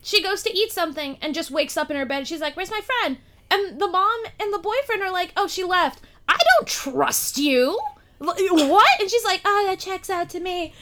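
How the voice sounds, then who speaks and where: A woman in casual chat about a movie, animated and swearing, acting out lines from it. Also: very high voice, brisk, a little hiss or hum.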